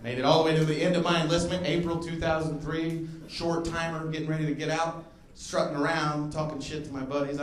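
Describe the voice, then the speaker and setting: A man in his thirties doing a stand-up comedy set, telling stories and acting out other people with loud exclamations. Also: fairly high pitch, steady tone, quick pace. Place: comedy club stage before a laughing crowd. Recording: roomy club sound with audience noise.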